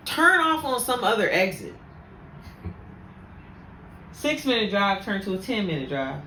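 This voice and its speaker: A woman podcast host telling stories about faith and anger, speaking in an animated, preachy way. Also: medium pitch, slow pace, a little hiss or hum. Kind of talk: casual faith talk. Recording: echoey room, faint ambience.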